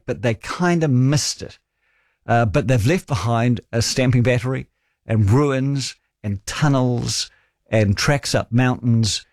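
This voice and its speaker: A man's voice: mid-range voice, a little mellow, no echo, clean studio sound. A man in his forties with a New Zealand accent, hosting a talkback radio show and telling stories in a chatty, wry way.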